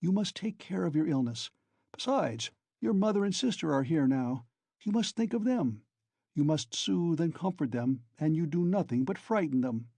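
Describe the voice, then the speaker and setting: A man's voice: on the high side, expressive, normal speed, dark tone, no echo. A man voicing a sly, genial male investigator who talks in a fussy, insinuating way. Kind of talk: audiobook character reading.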